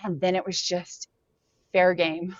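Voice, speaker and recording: A woman talks through a personal story as a podcast guest, her speech loose and casual and sprinkled with "like" and "um". Her voice sits fairly low for a woman. The recording is dry and a little dull, with no room around her. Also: flat delivery, a little slow, no echo. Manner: casual, frequent "like" and "um" fillers.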